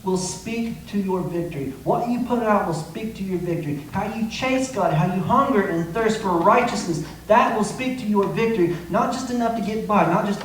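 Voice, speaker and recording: A man's voice: sits high, normal speed, few pauses. Male pastor, impassioned sermon, very echoey church room, distant mic, faint hiss. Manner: impassioned preaching with acted quotes. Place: church sanctuary.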